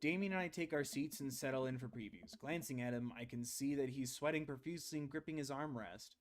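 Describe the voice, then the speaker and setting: Casual male streamer narrating a dating game, jokey, playful, mid pitch. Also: a little fast. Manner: playful, jokey, laughs often. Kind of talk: casual game-reading livestream.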